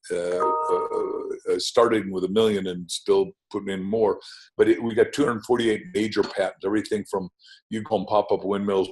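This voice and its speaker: Here the same kind of guest, an older man and author, speaks in a lowish, slightly mellow voice over poor audio. He's enthusiastic on the podcast, wandering into asides and dropping names as he tells his stories.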